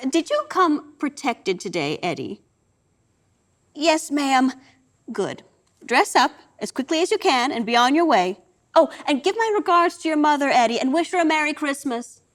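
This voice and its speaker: A woman's voice: high voice, very animated, moderate pace, voice pushed up. A woman voicing a knowing, unflappable mother who speaks in a casual, matter-of-fact way. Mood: calm command. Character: knowing, unflappable middle-aged mother, dryly in control.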